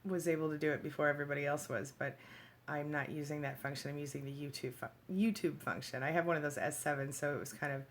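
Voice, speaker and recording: A woman with a low-pitched, fairly evenly intoned voice chats with viewers on a casual livestream from her phone, and there's a little hiss or hum in the audio. She calls out viewers by name and reads their comments aloud. She laughs easily and talks in quick spurts.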